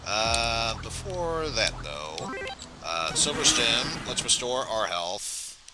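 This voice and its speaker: A man's voice: on the low side, animated, takes it slowly, very noisy. Man streamer thinking aloud. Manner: thinks aloud, hesitant fillers. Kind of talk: gameplay commentary. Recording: game music playing behind.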